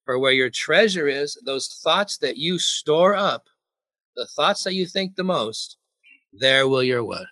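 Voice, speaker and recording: A man's voice: a little high, lively intonation, unhurried, sharp tone, no echo. A man preaching a sermon, joking and putting questions to the congregation. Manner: jokey, asks the congregation questions.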